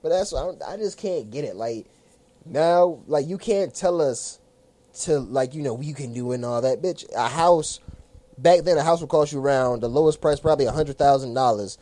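A man's voice: on the high side, moderate pace, dark tone. A man in his twenties co-hosting a casual chat, rambling, swearing and laughing a lot. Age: 20s. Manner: rambling, profane, laughs often. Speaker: podcast co-host.

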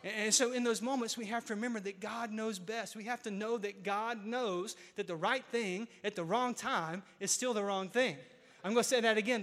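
Man preaching, high bright voice, emphatic building refrains, long hall reverb. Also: fairly even intonation, fairly quick. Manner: building to loud emphatic peaks, repeating key lines. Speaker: pastor. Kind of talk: sermon.

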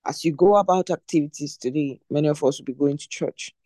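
A teacher with a mellow, warm tone gives a devotional talk, speaking emphatically, repeating key phrases again and again and putting rhetorical questions straight to listeners. Her medium-pitched voice moves a little fast, recorded dry and close to the mic with no echo.

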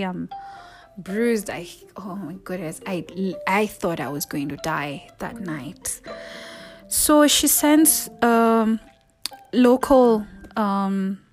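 A woman speaks straight to her viewers in a mid-pitched voice, telling a personal story. Her delivery is emotional, rising to loud bursts and dropping to near-whispered asides. Soft music plays faintly underneath.

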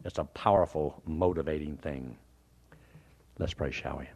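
An older man preaching a sermon in a folksy, animated way. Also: very deep voice, measured pace, gravelly, pauses often.

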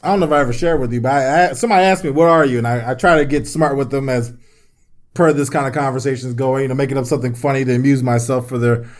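A man's voice: mid-range voice, quick pace. A man from the Washington DC and Maryland area, chatting casually on a podcast and telling stories with jokes, swearing and laughter. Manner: joking, animated storytelling with swearing and laughter. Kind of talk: casual chat.

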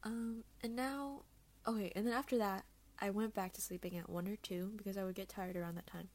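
Speaking fairly quickly with fairly even intonation, a young adult podcast host chats on her own in a bubbly, rambling, self-deprecating style. Her voice is mid-range and a little mellow, picked up by an earphone mic.

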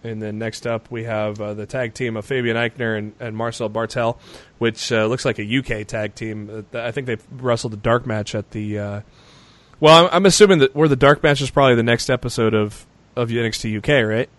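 A man's voice: medium pitch, fairly even intonation, fairly quick, fairly bright tone. A man co-hosting a podcast, recapping the news casually and rambling with frequent fillers and restarts. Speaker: podcast co-host.

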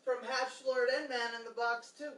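A woman's voice: fairly high pitch, fairly even intonation, normal speed, fairly bright tone. A woman co-hosting a casual podcast, chiming in with short, blunt remarks. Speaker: podcast co-host. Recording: distant, roomy, faint hiss.

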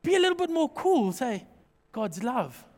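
A man preaching a sermon as pastor, animated and jokey, acting out small everyday scenes as he talks. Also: extremely high pitch, moderate pace, big-room sound.

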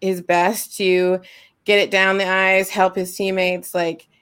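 A woman's voice: medium pitch, flat delivery, takes it slowly, a bit bright, clear, resonant tone. A woman co-hosting a podcast, chatting with gushing enthusiasm. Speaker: podcast co-host. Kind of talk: casual chat.

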